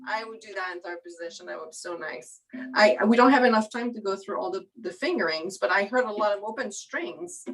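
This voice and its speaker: A woman's voice: medium pitch, a little fast, fairly bright tone, low-quality recording. A woman teaching viola in a master class, coaching a student with encouraging explanations full of "you know.".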